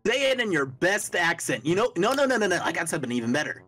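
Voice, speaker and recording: A man reading fan fiction aloud as a casual YouTuber, halting and breaking into laughter. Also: sits high, sing-song, pushed and bright, faint music behind. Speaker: YouTuber playing Sonic the Hedgehog.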